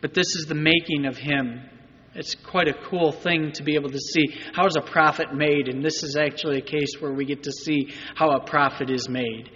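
Preaching to his congregation, a pastor speaks in a high, sharp-edged voice with a steady tone at normal speed. He keeps his sermon conversational, repeatedly posing rhetorical questions, and the muffled recording carries a long reverb through the church sanctuary.

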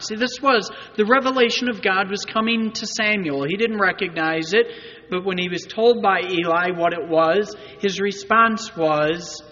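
A man preaches a sermon to his congregation in a high, sharp-edged voice. He talks conversationally and keeps asking the room rhetorical questions. The recording is muffled, and his voice carries a long reverb through a church sanctuary. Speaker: pastor.

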